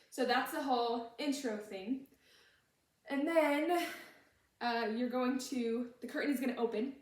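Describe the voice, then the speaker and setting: A patient young woman with a slightly high voice teaches dance choreography step by step, explaining moves as she demonstrates and sometimes humming the tune. She's far from the mic in a very roomy, echoey hall.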